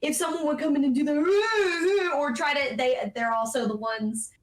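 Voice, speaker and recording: A woman's voice: high-pitched, normal speed. A woman guest in a casual video call chat, telling a story with giggles and acted-out reactions. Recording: roomy echo.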